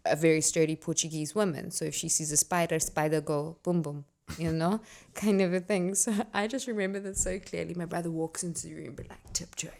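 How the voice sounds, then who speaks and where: A woman's voice: on the low side, vocal fry. A young adult woman on a podcast as a guest, chatting casually with a teasing, joking manner. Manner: playful, teasing, jokes. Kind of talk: casual chat.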